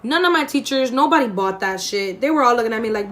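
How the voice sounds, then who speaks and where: Talking fast in a voice on the high side, a young vlogger recounts a foul-mouthed story at home during her makeup routine, bringing it to life by imitating the quoted voices.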